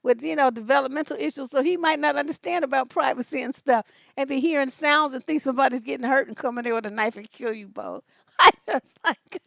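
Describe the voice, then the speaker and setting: A high-pitched woman coach talks through viewers' dating questions in a loose, joking livestream manner. She is blunt and swears freely. Her voice sits close to the mic in a dry, dead room. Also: steady tone, fast, gravelly, no echo. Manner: blunt and profane, joking, reads questions aloud. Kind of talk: casual livestream advice chat.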